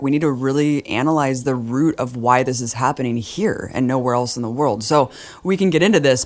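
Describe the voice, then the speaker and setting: A woman co-hosting a political podcast, casual and sarcastic, slipping into mocking voices when she quotes people. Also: rumbling low. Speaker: podcast co-host.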